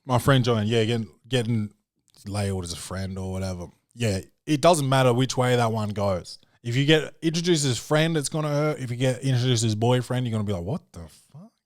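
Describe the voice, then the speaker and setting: Man, podcast host, casual comedic chat, profane, says dude a lot, mid pitch, dry close sound. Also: fairly quick, no room sound.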